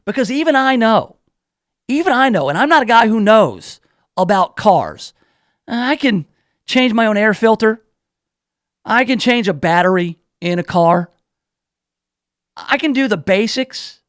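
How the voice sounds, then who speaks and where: Male talk radio host with a high pitch, dry close mic; rambling, self-deprecating storyteller. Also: animated, unhurried, long pauses, a bit bright, no echo. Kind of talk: casual talk radio monologue.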